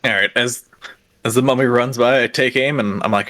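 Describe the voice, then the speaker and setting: A man playing a tabletop game, narrating his character's actions loudly and fast, poking fun at himself. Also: mid-range voice, steady tone. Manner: loud, fast, self-mocking. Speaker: player.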